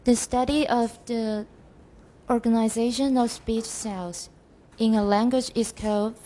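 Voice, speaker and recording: A woman student in a classroom reading a textbook passage aloud, slowly and carefully, sometimes stopping to correct herself. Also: a little high, steady tone, warm tone.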